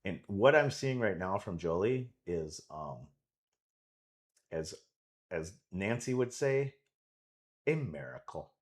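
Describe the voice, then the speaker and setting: A man's voice: deep voice, expressive, takes it slowly, long pauses. A man coaching and commentating a pool match live from his club, enthusiastic and rambling with many restarts.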